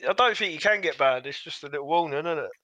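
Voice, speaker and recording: A man chatting casually with friends, laughing, swearing and throwing in quick jokes. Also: a little high, animated, sharp tone, no room sound. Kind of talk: casual chat among friends on a call.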